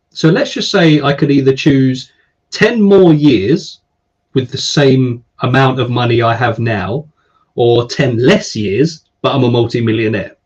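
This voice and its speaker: A man hosting a casual live stream, chatting and giving viewers shout-outs. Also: medium pitch, husky. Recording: slightly dull stream audio.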